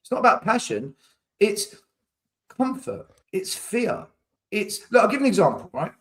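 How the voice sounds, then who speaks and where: A man on a podcast argues his case with heat. His voice sits high and swings widely as he pushes back. He repeats himself when cut off, then drives on. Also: a little slow. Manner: animated, argumentative, repeats words when pressed. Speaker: podcast host. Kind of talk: heated casual debate.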